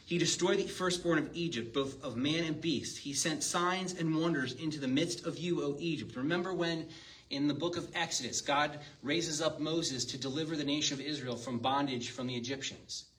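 A man's voice: on the high side, moderate pace, fairly bright tone. A man preaching a sermon in a church, reading scripture and talking to the congregation in a conversational way, asking them questions. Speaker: pastor. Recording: distant mic with faint ambience.

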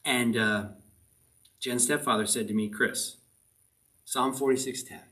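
A man's voice: medium pitch, fairly even intonation, measured pace, pushed and bright. A man preaching a sermon as pastor, earnest and driving his point home with short repeated commands. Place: church service. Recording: voice a bit distant from the mic.

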